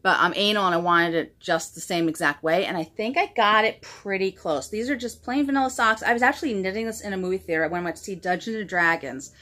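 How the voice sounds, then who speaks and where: A woman's voice: mid-range voice, fast talker, hardly any pauses, sharp tone. Female knitting podcast host, casual and chatty, gushing, self-deprecating. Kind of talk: casual show-and-tell chat.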